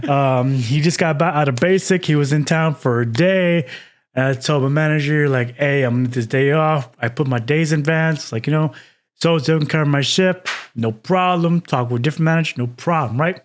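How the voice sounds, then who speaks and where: A man's voice: on the high side, brisk. A young man co-hosting a casual podcast, telling a story with lots of laughter. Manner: animated storytelling, laughs often. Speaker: podcast co-host.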